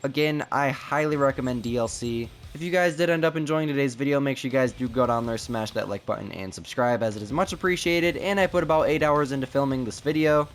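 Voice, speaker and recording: A man's voice: medium pitch, quick pace, hardly any pauses, slight background noise. A man narrating a gameplay tutorial as a YouTuber, chatty and talking straight to his viewers. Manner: chatty, keeps addressing viewers as "you guys". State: tired after a long filming day. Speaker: gaming YouTuber.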